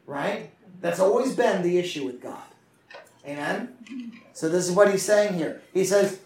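A pastor with a high-sitting voice and lively intonation preaches a sermon with passion, speaking fairly quickly and calling for responses from the congregation. The recording is echoey and distant, taken in a church sanctuary.

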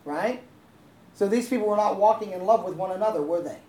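A woman's voice: mid-range voice, a little fast, mellow. A woman pastor preaching a sermon in a conversational way, often asking the congregation questions and laughing easily. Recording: roomy echo, faint ambience.

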